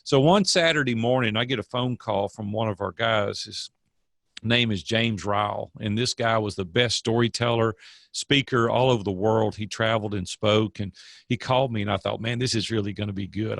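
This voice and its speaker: Older man with a gravelly, earnest voice. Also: fairly low pitch, steady tone, normal speed, a bit bright, dry recording, clean studio sound. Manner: earnest, preachy storyteller. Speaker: guest, coach. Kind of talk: casual interview storytelling.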